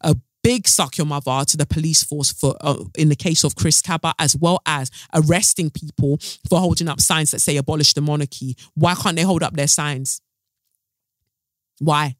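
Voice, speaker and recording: A woman's voice: sits low, steady tone, normal speed, no room sound. A woman hosting her own podcast, speaking alone into a close mic in a blunt, fiery, swearing way. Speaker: podcast host. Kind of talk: solo podcast monologue.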